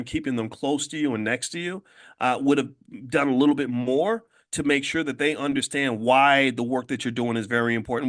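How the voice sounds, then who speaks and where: A man's voice: medium pitch, a bit bright. A man hosting a motivational talk on money and ownership, speaking emphatically with rhetorical questions and repeated phrases, often restarting mid-sentence. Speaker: host and finance educator. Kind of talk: motivational morning talk to an audience.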